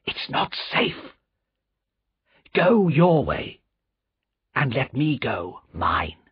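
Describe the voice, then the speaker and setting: A frightened, shifty spy talks low and urgently, his voice hushed and breathy, as a narrator plays him. His speech is slow, and the recording sounds dull and lo-fi. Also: big pitch swings, full character voice.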